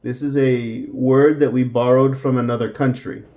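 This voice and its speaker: A middle-aged man teaching English slowly to Spanish speakers, repeating each word and adding Spanish glosses. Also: medium pitch, little pitch movement, dark tone, lo-fi sound.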